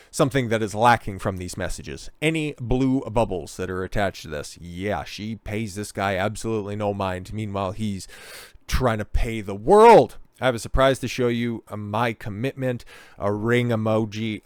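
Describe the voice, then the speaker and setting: A man's voice: on the low side, smooth, no room sound. A man hosting a commentary video, talking in a blunt, profane, lecturing way. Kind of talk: casual commentary.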